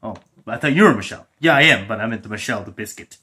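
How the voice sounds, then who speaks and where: A man improvising a comic story in a playful way, laughing and switching quickly between character voices. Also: fairly low pitch, lively intonation, bright, forceful tone, slightly rough.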